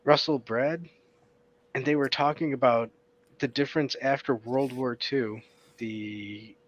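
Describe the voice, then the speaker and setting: A man speaking in casual chat, halting often and filling gaps while he searches for words. His voice sits in a middle pitch. The sound is dull and lo-fi. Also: fairly even intonation. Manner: halting, many fillers.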